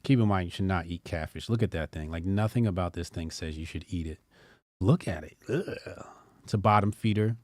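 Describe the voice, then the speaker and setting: Blunt low-voiced male commentator. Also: a little fast, no room sound. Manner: blunt, rambling, joking asides. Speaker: commentary show host. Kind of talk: casual opinion commentary.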